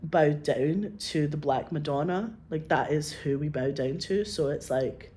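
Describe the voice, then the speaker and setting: A woman's voice: sits low, unhurried, warm tone, slight background noise. Effusive, rambling woman. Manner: rambling and effusive, heavy on "like", acts out quoted voices. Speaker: filmmaker guest. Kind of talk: casual chat.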